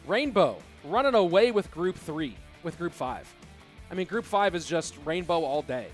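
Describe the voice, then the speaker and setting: A man casting a live esports match, excitable and incredulous, often breaking into laughter. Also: on the high side, normal speed, soft background music. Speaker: esports caster.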